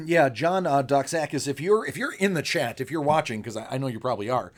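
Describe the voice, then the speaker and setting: A man hosting a live card break, chatty and joking, his voice a little rough from screaming, clearing his throat often. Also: medium pitch, lively intonation, brisk.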